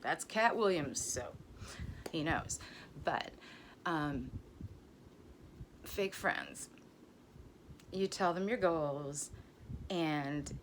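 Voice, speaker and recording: A woman's voice: deep voice, animated, slow, pauses often, slight background noise. A middle-aged woman, a nurse, chatting casually to camera in a blunt, profane, joking way. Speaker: ER nurse vlogger. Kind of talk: casual vlog chat.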